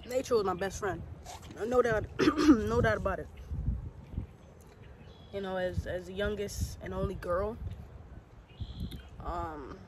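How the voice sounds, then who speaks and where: A young woman talks casually to the camera while out in nature, in a playful, chatty way. Her voice sits at an ordinary pitch for a woman. The outdoor recording carries clear background noise. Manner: chatty, playful, speaks straight to viewers. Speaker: vlogger.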